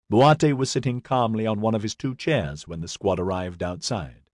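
A man reads an audiobook in a steady, even storytelling manner. His voice is low and the recording is dry and close, with no room sound. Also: moderate pace, few pauses, no room sound. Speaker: audiobook narrator. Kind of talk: scripted narration.

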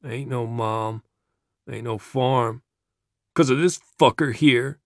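A man voicing a grieving, enraged young man with a gun, speaking in a rough rural drawl with his voice cracking. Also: medium pitch, slow, no echo, clean studio sound. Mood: bitter.

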